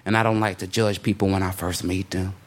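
A man doing a stand-up comedy set, telling his story in a laid-back way with sudden high-pitched outbursts. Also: flat delivery, brisk. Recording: live comedy club with crowd laughter and noise.

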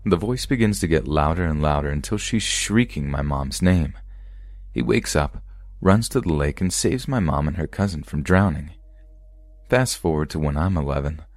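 A man reading true scary stories aloud as a podcast narrator, in a calm, even storytelling delivery. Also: very deep voice, normal speed, dry recording.

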